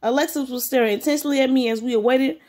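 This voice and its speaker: A woman's voice: high voice, fast, darkish tone. A woman reading a story aloud, breaking off for blunt, slangy comments of her own. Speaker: story reader.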